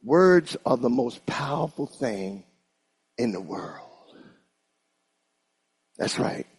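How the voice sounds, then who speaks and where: Gravelly animated preacher man. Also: medium pitch, slow pace. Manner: animated, call-and-response with congregation. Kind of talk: sermon.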